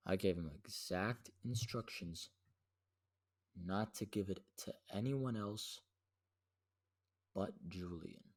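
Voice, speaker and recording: A young man hosts his own show and tells a story in a casual, rambling way. His voice sits on the low side. He swears freely and peppers his talk with "dude". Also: takes it slowly, long pauses, breathy edge. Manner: slangy and profane, says "dude" a lot, animated retelling. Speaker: podcast host.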